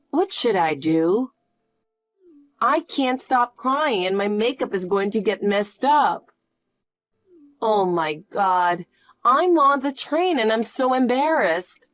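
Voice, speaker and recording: A woman's voice: on the high side, expressive, takes it slowly, long pauses, no echo. A woman voicing a loving, tearful middle-aged foster mother in a scripted story reading. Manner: emotional, gushing.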